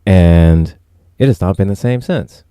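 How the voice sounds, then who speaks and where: A man with a very deep, mellow voice co-hosts a podcast in laid-back, rambling chat. The sound is dry and close, with no room echo. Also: animated, a little slow, clear, resonant tone. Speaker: podcast co-host. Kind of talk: casual podcast review chat.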